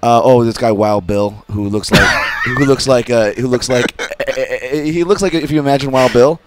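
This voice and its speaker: A man co-hosting a radio show, telling a rambling, animated story in a radio studio, full of restarts. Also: mid-range voice, normal speed, slight background noise. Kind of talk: casual studio chat, storytelling.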